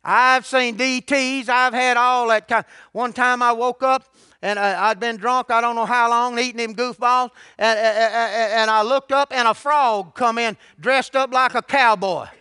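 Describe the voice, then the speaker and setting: A man's voice: very high-pitched, fairly even intonation, measured pace, bright, forceful tone, clear, resonant tone, no room sound, studio quality. An older man preaching a sermon, telling his testimony in a folksy, colloquial way. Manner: folksy storytelling with colloquial grammar.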